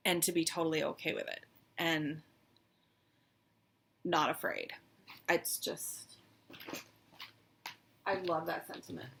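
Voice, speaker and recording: Woman vlogger, casual show-and-tell, warm fondness, gravelly edge. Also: low-pitched, measured pace, long pauses, a little hiss or hum. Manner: chatty, wistful, fond, with many "um"s. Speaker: cross-stitch vlogger.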